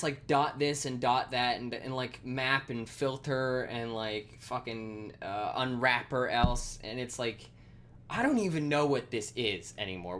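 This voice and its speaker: Casual male streamer, mid pitch, profane rambling rant with code muttered aloud, faint typing behind. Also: a bit bright, a little hiss or hum. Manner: rambling, profane, many fillers. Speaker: streamer coding live. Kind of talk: casual live-coding rant.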